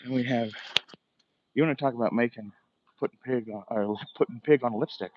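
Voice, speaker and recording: A man walks a residential street while he livestreams, rambling along in a loose, profane, chatty way. His voice sits in a middling pitch and comes through a phone with a dull, lo-fi sound. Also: brisk, a little hiss or hum. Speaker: livestream host. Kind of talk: casual walking livestream chat. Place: outdoors, walking a residential street.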